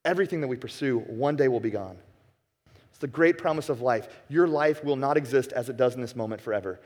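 A man preaching a sermon as a pastor, passionate, dropping to a hush and then rising to emphatic peaks. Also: medium pitch, fast talker. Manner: impassioned, swings from hushed to emphatic. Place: church sanctuary. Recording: long reverb of a church hall.

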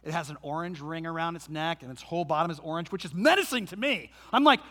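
A male pastor preaching a sermon with animated, humorous storytelling. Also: a little high, quick pace, few pauses, in a large hall.

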